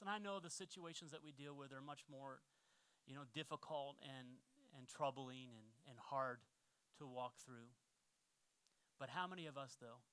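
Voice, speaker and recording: A man in his forties from northwestern Pennsylvania, preaching a sermon with stories from his childhood, lively in the stories and quiet in the reflection. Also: on the high side, smooth, dry recording. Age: 40s. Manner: storytelling, animated when acting out childhood scenes, then quiet and reflective. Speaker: pastor.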